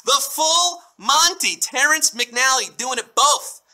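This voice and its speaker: A man's voice: extremely high pitch, expressive, slow, bright, forceful tone, rough recording. A man hosting a live trivia game show, reading questions and answers in a playful, punning way and breaking into bits of song. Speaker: quiz show host.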